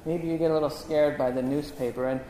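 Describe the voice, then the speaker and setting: Preacher, male, earnest and rhetorical; slightly high voice, long hall reverb. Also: steady tone, quick pace, mellow. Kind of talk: sermon with Bible reading. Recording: echoey hall reverb, faint room noise.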